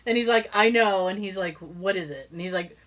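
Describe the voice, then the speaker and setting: With a brisk delivery at medium pitch, a middle-aged woman shares a story on the podcast she co-hosts. The talk is casual; she's animated, mimics the people she quotes, and breaks into laughter often.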